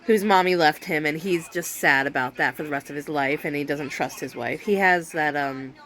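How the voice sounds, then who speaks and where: A woman's voice: sits low, moderate pace, a bit bright. A woman vlogging at home, chatting casually to camera about a book she dislikes, sarcastic and exasperated, laughing often.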